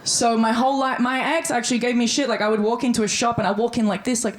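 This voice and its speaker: A woman's voice: a little high, little pitch movement, quick pace. Australian woman, stand-up comic, chatty, breezy, handheld mic, faint noise behind. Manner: chatty, breezy, acts out quoted voices. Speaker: stand-up comedian. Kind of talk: stand-up comedy set. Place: comedy club stage before a live audience.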